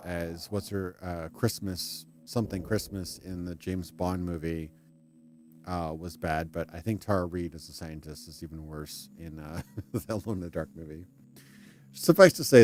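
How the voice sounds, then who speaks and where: A deep-voiced man hosting a live game stream. He talks in a loose, rambling way, ranting and restarting his sentences as he goes, and breaks off now and then to read in-game text aloud. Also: mellow. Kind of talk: casual live-stream commentary.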